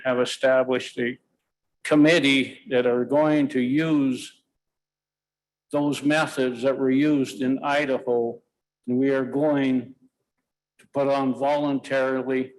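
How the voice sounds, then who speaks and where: A man speaking for a trappers' association in a steady, plain-spoken public comment at a hearing. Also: mid-range voice, poor audio.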